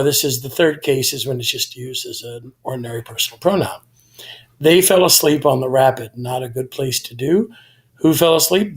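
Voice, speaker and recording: Guy tutoring greek grammar, slightly high voice, methodical, fixes his own slips. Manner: methodical, self-correcting explanations. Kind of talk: recorded grammar lesson.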